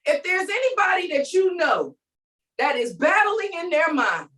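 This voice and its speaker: A woman's voice: very high-pitched, big pitch swings, measured pace, pushed and bright, far from the mic, low-quality recording. A woman giving an emphatic, preachy faith talk, calling out to her listeners as she vents. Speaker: faith vlogger. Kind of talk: inspirational rant.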